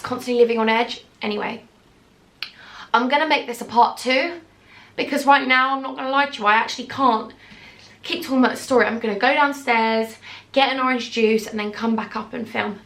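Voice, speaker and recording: A woman's voice: a little high, fairly bright tone. A young woman in her twenties telling a personal story in a vlog, tearful, earnest and heartfelt as she speaks straight to her viewers. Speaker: YouTuber.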